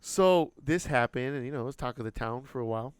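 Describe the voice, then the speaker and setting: A man co-hosting a podcast, telling a story in casual chat, animated and swearing freely. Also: medium pitch, fast talker, clean tone, no echo. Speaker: podcast co-host.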